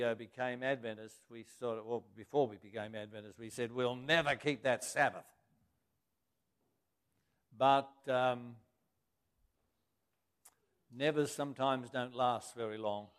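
A man preaching a sermon, reading scripture aloud and then explaining it in plain everyday words. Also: mid-range voice.

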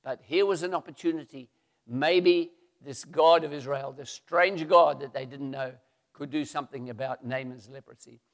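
A man retelling a Bible story as a preacher, lively and acting out the voices. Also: a little high, moderate pace, in a large hall.

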